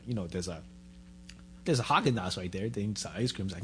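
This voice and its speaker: A man's voice: low voice, quick pace, background noise. A man chatting casually, telling an anecdote and acting out the voices of people in it. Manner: animated, acts out quoted exchanges. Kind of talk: casual chat, storytelling.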